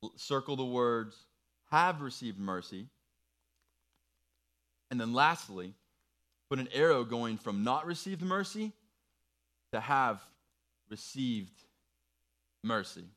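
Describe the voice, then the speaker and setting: Man, earnest youth preacher, encouraging, step-by-step instructions, mid-pitched voice. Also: lively intonation, takes it slowly, pauses often, a bit bright. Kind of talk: sermon with worksheet activity.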